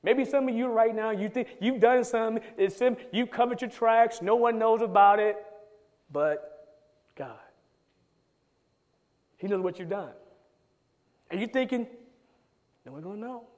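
A man's voice: high-pitched, measured pace, long pauses, a little mellow. A man preaching a sermon. He reads scripture aloud and rises into emphatic pleading. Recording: long hall reverb.

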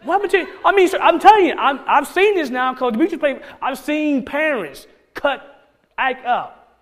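A man pastor preaching a conversational sermon to his church, with many restarts and bursts of excitement. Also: extremely high pitch, unhurried, long reverb tail. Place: church sanctuary.

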